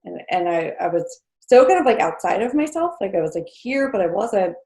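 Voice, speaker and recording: Very animated, this podcast guest from New Jersey speaks briskly in a slightly mellow mid-range voice. In her thirties, she tells a personal story conversationally, sprinkled with fillers and small laughs, recorded in an echoey space.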